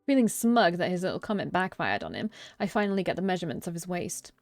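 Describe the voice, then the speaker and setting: A woman's voice: on the low side, sing-song, quick pace, darkish tone, soft background music. A young woman reading a visual novel aloud as its narrator, often breaking off into joking, cursing asides and self-corrections. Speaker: let's play streamer.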